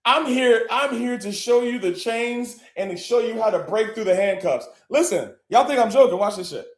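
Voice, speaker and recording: A man's voice: high-pitched, expressive, moderate pace, echoey room. A man hosting a live online session, talking bluntly and boastfully, swearing often. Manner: profane, boastful, blunt, with bursts of laughing and shouting. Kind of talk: brash motivational talk.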